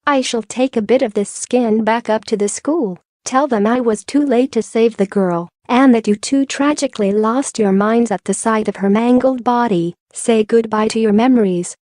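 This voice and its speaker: A vain grown wizard teacher speaks with pompous, gloating self-satisfaction, as a woman reading the story voices him. The voice sits fairly high and sounds dry and close. It is storybook reading, with no real change of voice. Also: moderate pace, hardly any pauses, a little mellow, no room sound, natural voice.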